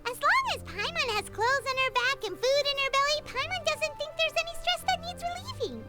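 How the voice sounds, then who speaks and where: A woman's voice: extremely high pitch, expressive, fairly quick, bright, forceful tone, heavily acted. A woman voicing a tiny, chatty fairy-girl companion in a video game who talks about herself in the third person. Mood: chirpy curious. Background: game music.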